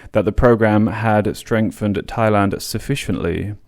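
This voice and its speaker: Low-voiced man reading history aloud. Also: unhurried. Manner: reads long quotes with casual spoken asides; occasional stumbles and restarts on words. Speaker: podcast host.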